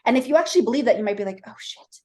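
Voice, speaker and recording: A woman guest on a podcast, a mindset coach, explaining ideas in a lively way and acting out quoted dialogue as she tells stories. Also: on the high side, racing. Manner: animated storytelling, acting out quoted voices. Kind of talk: casual interview chat.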